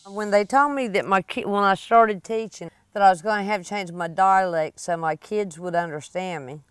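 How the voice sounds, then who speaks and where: A woman with an Outer Banks high tide brogue talks in a casual interview. She is a teacher, and her manner is plain-spoken and proud. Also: normal speed, clear, resonant tone, dry recording.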